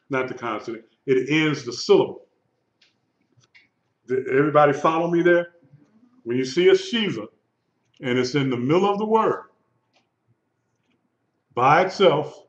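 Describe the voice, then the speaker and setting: A man teaching a live Hebrew lesson, speaking slowly and patiently and repeating words for his students. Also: mid-range voice. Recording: lo-fi echoey room recording.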